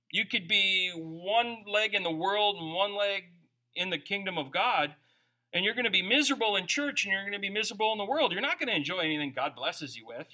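High, sharp-voiced male preacher. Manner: informal preaching mixed with scripture reading and jokey asides. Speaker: pastor. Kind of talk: conversational sermon.

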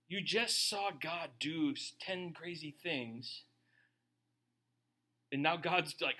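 A man preaches with a high, strikingly bright voice. He talks conversationally to his congregation and keeps breaking into playful voices for the people he describes. His delivery is lively and animated. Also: extremely slow, long pauses. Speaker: pastor. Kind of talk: sermon.

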